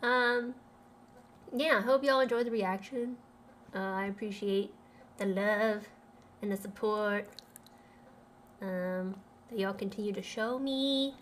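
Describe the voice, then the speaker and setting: A woman's voice: medium pitch, steady tone, slow pace, long pauses, fairly bright tone, slight background noise. A young woman streamer chatting casually and cooing baby talk at her dogs. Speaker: livestreamer. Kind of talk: casual livestream chat.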